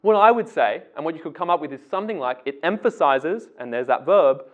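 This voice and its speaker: A man's voice: fairly high pitch, expressive, fast. A man teaching English essay writing, explaining casually step by step. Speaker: English tutor. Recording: tinny phone-like sound.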